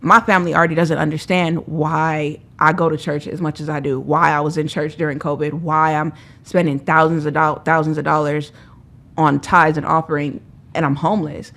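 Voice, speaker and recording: As a guest on a podcast, a young woman tells her life story candidly, emphatic and animated, acting out the voices of the people she quotes. Her voice is low-pitched and her speed is normal.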